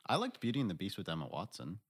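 A man co-hosting a casual podcast, chatting with dry, deadpan jokes. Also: fairly low pitch, very fast, husky. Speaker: podcast co-host. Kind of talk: casual chat.

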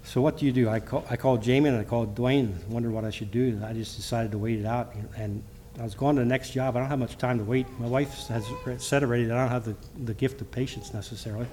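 A middle-aged man preaches a church sermon and mixes in personal testimony. His pitch is ordinary for a man and his delivery halts and restarts often. A faint noise sits behind him. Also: fairly even intonation, a little mellow. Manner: halting, with frequent restarts; reads scripture in King James wording. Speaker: lay preacher.

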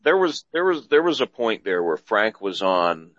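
Low-pitched male host, rambling podcast talk, dry and dull sound. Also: sing-song, moderate pace, fairly bright tone, dry recording. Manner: rambling, repeats himself, trails off. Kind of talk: casual podcast chat.

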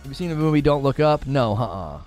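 A man's voice: medium pitch, big pitch swings, fast talker, a little mellow, faint music behind. A man streaming and giving a casual, argumentative rant, repeating and restarting his words as he pushes his point.

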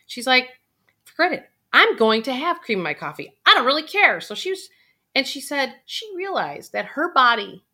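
A middle-aged woman gives an animated motivational talk as a financial coach. Her voice is bright and clear, and she swings into playful quoted voices to make her points. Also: on the high side. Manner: energetic, animated, acts out quotes.

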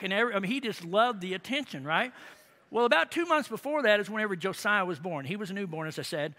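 A man's voice: sits high, animated, fast talker, bright, forceful tone. A middle-aged man preaching, telling a family story in a folksy, rambling way with many asides and tag questions. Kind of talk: sermon storytelling.

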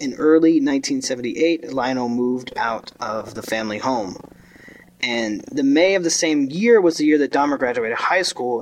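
A man's voice: medium pitch, slight background noise, low-quality recording. Joking, foul-mouthed man co-hosting a podcast. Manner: crude, joking, swears freely. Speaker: podcast co-host. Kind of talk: casual true-crime podcast chat.

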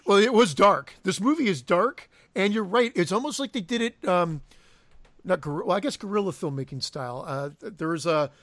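A man's voice: high voice, lively intonation, moderate pace, no room sound. A man with a slightly raised voice discusses a film's look on a podcast. He talks thoughtfully and gropes for the right word. The sound is dry and close. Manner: thoughtful, searching for words. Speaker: podcast co-host. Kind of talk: casual film review chat.

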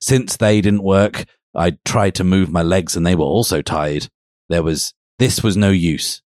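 Male podcast co-host; deep voice, dry close sound; deadpan comic fan-fiction reading. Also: a little slow, dry recording. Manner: mock-serious storytelling, breaks into laughter.

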